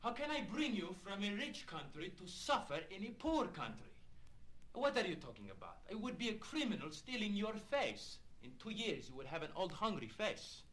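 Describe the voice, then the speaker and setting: A man's voice: sits high, sing-song, moderate pace, a bit bright, reverberant. An actor playing a proud, passionate young male Italian immigrant who speaks with an Italian accent, his tone shifting from pleading to angry. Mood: intense. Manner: pleading, flaring into proud anger. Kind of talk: film drama acting.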